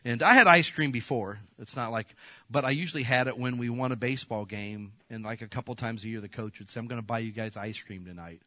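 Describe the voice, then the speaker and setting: A middle-aged man preaching with a bright, forceful voice, telling a family story with lively acted-out quotes. The sound is close and dry, with no room around it. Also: mid-range voice, fast, dry recording. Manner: animated storyteller acting out quotes, rising to loud bursts. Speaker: pastor. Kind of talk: storytelling sermon.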